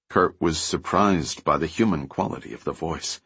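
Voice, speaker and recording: A man reading a thriller as an audiobook narrator, telling the story with lively expression. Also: very deep voice, moderate pace, breathy edge, no echo. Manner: lively storytelling, voices characters lightly. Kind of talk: scripted narration.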